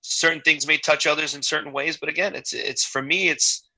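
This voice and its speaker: Bright, candid man in his forties. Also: on the high side, brisk, dry recording, low-quality recording. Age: 40s. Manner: candid, emotional, animated storytelling with quoted dialogue. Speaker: guest entertainer. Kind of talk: casual interview chat.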